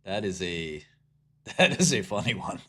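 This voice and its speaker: Casting: man as a stock streamer, casual rambling talk, husky and lively. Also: low voice, unhurried. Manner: rambling, irreverent, jokey. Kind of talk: casual live-stream commentary.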